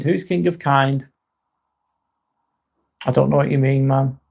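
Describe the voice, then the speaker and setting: An English man hosting a live stream in a casual, rambling chat, reading out and answering viewer comments with a halting, sincere manner. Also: mid-range voice, steady tone, gravelly, darkish tone. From England. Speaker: livestream host.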